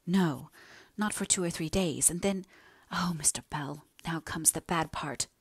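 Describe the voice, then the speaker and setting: A woman reads as an earnest young heroine, anxious and full of remorse, pleading as she confesses. Her voice sits rather low. The sound is dry and close-miked. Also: normal speed, creaky, darkish tone, breathy edge, dry recording. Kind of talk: audiobook character reading.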